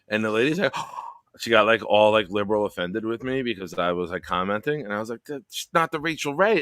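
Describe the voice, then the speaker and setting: A man's voice: on the low side, animated, a little fast, bright, forceful tone, no room sound, studio quality. A man hosting a livestreamed show in casual sports chat. He tells stories with lots of animation and swears freely.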